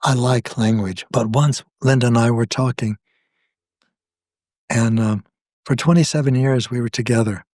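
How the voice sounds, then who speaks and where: An older man talks slowly and deliberately, weighing each thought as a guest in a reflective conversation. His voice sits at an ordinary middle pitch and the recording is close and dry, with no room sound. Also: steady tone, a little mellow, dry recording. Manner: slow, measured, thoughtful. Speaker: guest, spiritual author.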